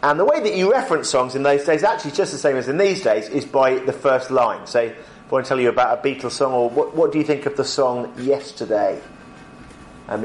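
Man, preacher, conversational talk, middle pitch, faint background hiss. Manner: conversational, frequent ums, slows for emphasis. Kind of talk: lunchtime Bible talk.

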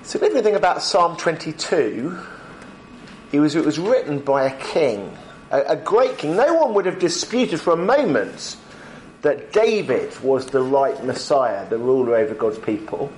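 A man giving a lunchtime Bible talk as a preacher, conversational with frequent ums, slowing down to stress key points. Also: fairly high pitch, big pitch swings, darkish tone, slight background noise.

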